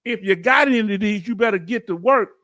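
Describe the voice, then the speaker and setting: A middle-aged man with a Southern US accent hosting a livestream, reading viewer comments in a folksy, preacher-like, animated way. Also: high voice, brisk, dry recording, clean studio sound. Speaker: veterans benefits channel host.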